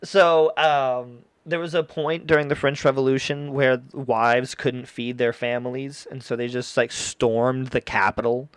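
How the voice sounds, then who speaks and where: A man's voice: mid-range voice, level tone, measured pace, hardly any pauses, clean tone, no room sound. A man hosting a casual podcast chat, rambling and laughing often as he riffs and acts out quoted voices. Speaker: podcast host.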